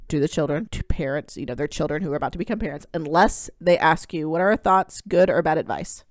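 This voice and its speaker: Lively woman podcast co-host, low voice. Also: fast talker, hardly any pauses, no room sound, clean studio sound. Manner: animated storyteller, acts out quoted voices. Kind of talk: casual chat.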